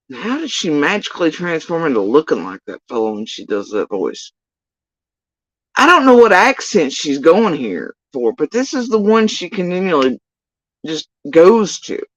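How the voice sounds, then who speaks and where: A woman ranting through a livestream reaction with a sarcastic, profane bite. Her pitch swings widely from line to line. The sound is dry and a little muffled. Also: very animated, normal speed, dry recording. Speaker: livestream host. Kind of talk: casual reaction commentary.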